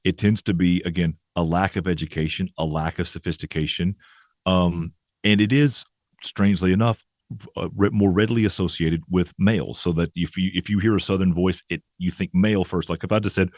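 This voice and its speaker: A man's voice: low-pitched, steady tone, a little fast, darkish tone, no echo, clean studio sound. A man, a professor guest in an interview, explaining ideas thoughtfully with frequent restarts and "right?" tags. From American South.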